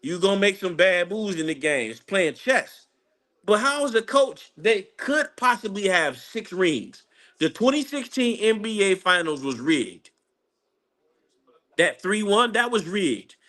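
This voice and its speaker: A man ranting casually about a basketball game as a fan, rambling and excitable, breaking into high laughing outbursts. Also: a little slow. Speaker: sports fan commentator. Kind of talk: casual live game-watching rant.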